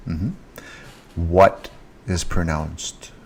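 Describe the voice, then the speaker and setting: A man with a low, husky voice teaches a French lesson at an unhurried pace. He repeats each word several times, lifting it for emphasis, in a casual, talk-to-camera manner on a handheld mic. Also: big pitch swings. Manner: slow, repeats French words with rising emphasis. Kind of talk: casual online language lesson. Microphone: handheld mic with earphone monitor.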